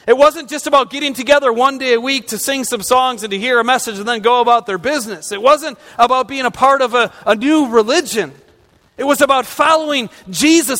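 A man's voice: very high-pitched, fairly bright tone. A man pastor delivering a conversational sermon, asking his congregation rhetorical questions as he goes. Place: church sanctuary. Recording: long reverb of a large hall.

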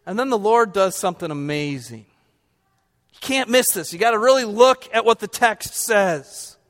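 A man's voice: sits high, animated, normal speed, fairly bright tone, long reverb tail. A male pastor preaching a conversational sermon, quizzing his congregation and slipping in humorous asides.

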